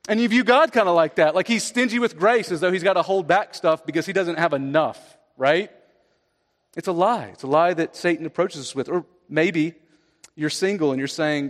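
Pastor, male, high voice, conversational sermon delivery with emphatic peaks, church reverb. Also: normal speed.

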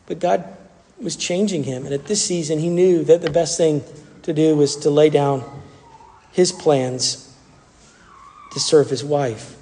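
A male pastor giving a sermon in an animated way, often repeating words and restarting phrases. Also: on the high side, unhurried, pauses often. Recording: long reverb from a large hall.

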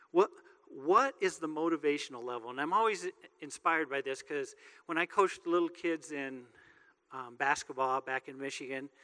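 Bright-voiced preacher man in a reverberant hall. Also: on the high side. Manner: joking, conversational preaching. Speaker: pastor. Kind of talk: sermon. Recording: long reverb of a large hall.

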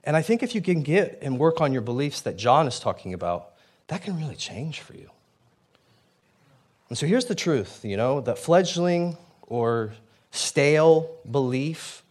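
A man preaches in a loose, conversational way, stopping to restart sentences and add asides. His voice sits at an ordinary middle pitch. He sounds animated and engaged throughout. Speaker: pastor. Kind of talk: sermon.

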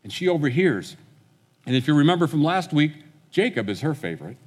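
A man's voice: on the high side, very animated, fairly quick, husky. Conversational male preacher in a reverberant hall. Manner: conversational storytelling, acting out quotes. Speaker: pastor. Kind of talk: sermon.

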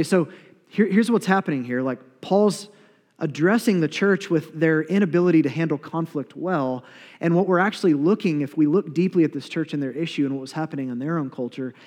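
A man preaching a sermon as a pastor, conversational and animated, with playful asides. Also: medium pitch. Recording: long reverb of a large hall.

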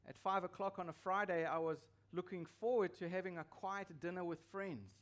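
A man's voice: high-pitched, fairly even intonation, fairly quick, a bit bright. A man preaching a sermon as pastor, emphatic and repeating his key phrases for weight.

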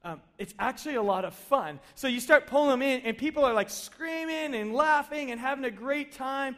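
The pastor is a lively middle-aged man whose bright, high voice moves at a brisk clip. His relaxed sermon plays out like storytelling, peppered with playful acted asides.

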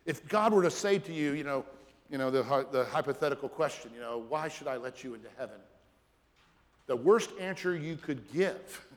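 A man preaches an earnest sermon as pastor, his voice sitting a little high for a man. He drops to a hushed, low tone when voicing prayer. The sound carries a long reverb from a large hall. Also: expressive, moderate pace.

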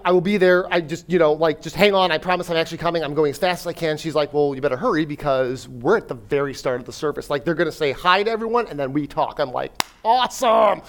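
A man giving a sermon-style talk, telling a personal story in an animated way, with fillers and acted self-talk. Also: a little high. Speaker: speaker at a church.

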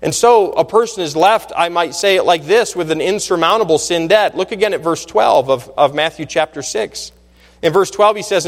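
Emphatic preaching pastor in a hall. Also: male voice, lively intonation, normal speed. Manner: emphatic preaching, rising to loud peaks then dropping low. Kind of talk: sermon.

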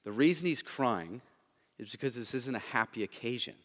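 A male pastor preaching a sermon, swinging between loud urgent emphasis and hushed, low intensity, often checking in with "right?". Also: animated, normal speed, long reverb tail. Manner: frequent "right?" check-ins with the congregation.

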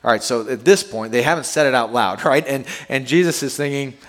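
Animated male pastor in a reverberant hall. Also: mid-range voice, fairly quick. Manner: animated, conversational preaching with restarts. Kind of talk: sermon. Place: church sanctuary.

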